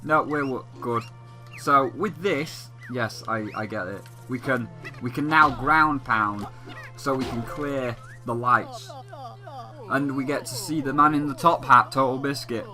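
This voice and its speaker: A young man rambles through casual gameplay commentary, talking in quick, chatty bursts. His voice has a very bright, sharp tone. Faint game music plays underneath. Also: medium pitch. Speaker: let's play gamer.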